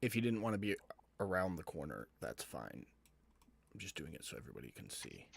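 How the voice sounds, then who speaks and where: A man narrating as game master of a tabletop game, calmly describing the scene. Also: deep voice, brisk, creaky, slightly rough. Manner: calm, descriptive scene-setting.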